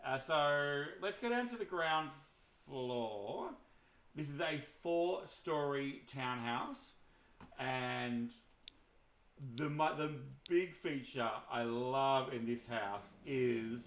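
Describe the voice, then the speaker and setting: A man talks through his video game house builds in a casual, chatty way, enthusiastic and often restarting mid-sentence. His voice sits at an ordinary middle pitch. The recording has a noticeable roomy echo. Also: lively intonation, slow pace, fairly bright tone. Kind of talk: casual game walkthrough commentary.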